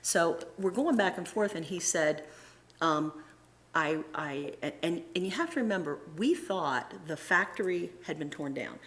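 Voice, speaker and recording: A woman speaking as a guest at a church, telling a personal travel story in an animated way and acting out the dialogue. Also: fairly low pitch, a little slow.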